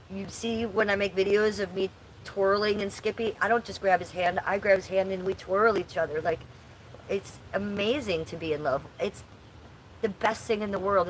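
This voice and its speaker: A woman's voice: medium pitch, normal speed, a little hiss or hum, poor audio. A woman in her forties hosting a casual livestream from home, chatting bluntly and crudely while reading chat aloud. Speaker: livestream host.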